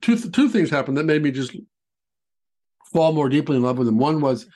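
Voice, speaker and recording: A man talking casually on a podcast about his interviews, halting often and repeating words as he restarts sentences. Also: a little high, lively intonation, dark tone.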